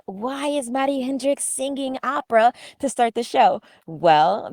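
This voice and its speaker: A woman's voice: mid-range voice, dry recording, clean studio sound. Bubbly woman hosting a podcast. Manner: bubbly and playful, laughs easily. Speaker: podcast host. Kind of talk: casual interview chat.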